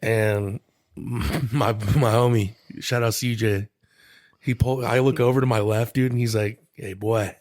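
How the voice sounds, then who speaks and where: A man's voice: medium pitch, fairly even intonation, unhurried, darkish tone, no echo, studio quality. A young man rambling through stories as a podcast co-host, swearing and laughing often. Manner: rambling, profane, laughing storyteller. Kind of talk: casual chat.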